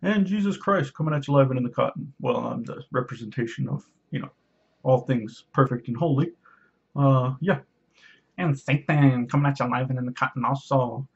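A man vlogging, ranting to camera in a sarcastic, preachy way, with a husky voice. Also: medium pitch, moderate pace, muffled recording. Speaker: YouTuber. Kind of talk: casual rant to camera.

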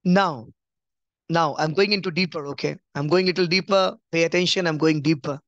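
A man giving a conversational Bible teaching, emphatic, repeating key phrases and dropping to a soft, low voice. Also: fairly even intonation, fairly quick, no echo, lo-fi sound. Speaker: preacher.

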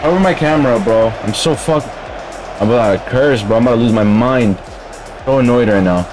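A man chats casually on a live stream at an ordinary, mid-range pitch, grumbling and throwing "bro" into his slangy talk. Music plays clearly behind him. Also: brisk.

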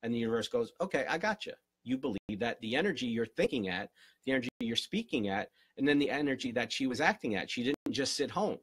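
Man, relationship coach, live q&a, husky voice, dry close sound. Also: medium pitch, expressive, fast, no room sound. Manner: earnest and encouraging, repeats key phrases. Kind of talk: live-stream Q&A, motivational advice.

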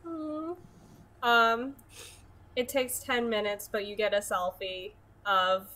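A woman game master describes scenes in a tabletop game. Her voice sits at a middle pitch. She talks calmly and plainly. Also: takes it slowly.

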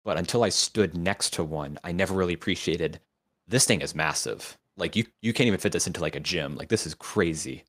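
A man's voice: low-pitched, fairly quick, fairly bright tone. A man co-hosting a live show in casual chat, explaining things in a matter-of-fact way. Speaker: co-host, writer.

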